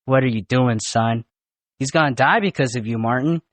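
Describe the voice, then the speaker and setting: A man's voice: medium pitch, moderate pace, fairly bright tone, dry recording, natural voice. A young man voicing a taunting male drill staff sergeant who barks mocking, profane orders, recorded in a podcast studio.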